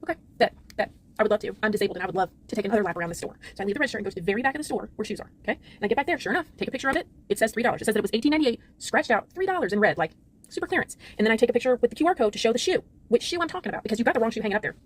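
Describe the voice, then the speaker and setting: A middle-aged woman vlogger telling a story in a rapid, exasperated rant, frazzled and trying to hold it together. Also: a little high, lively intonation, slightly rough.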